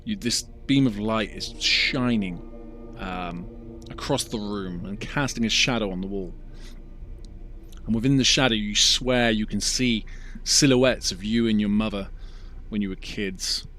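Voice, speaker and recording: A man's voice: fairly low pitch, a little slow, fairly bright tone, soft background music. A man running a tabletop role-playing game as dungeon master, narrating scenes in vivid, ominous detail.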